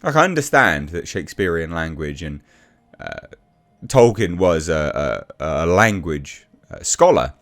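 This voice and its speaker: A man's voice: deep voice, very animated, measured pace, few pauses, fairly bright tone. A man giving a blunt, exasperated casual review rant, with frequent restarts and swearing.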